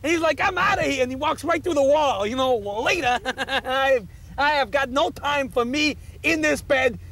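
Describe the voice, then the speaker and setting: An actor playing an eccentric, talkative New York cab driver, rambling through a giggly, excitable story in a New York accent as a comedic TV promo. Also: male voice, extremely high pitch, normal speed. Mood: rambling excited.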